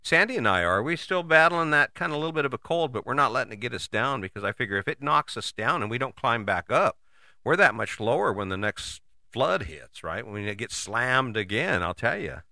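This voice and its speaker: A man giving a casual motivational talk, conversational and animated, with frequent rhetorical questions and the odd curse word. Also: medium pitch, brisk, no room sound, clean studio sound. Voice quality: casual, swears freely. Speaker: motivational host. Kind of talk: motivational monologue.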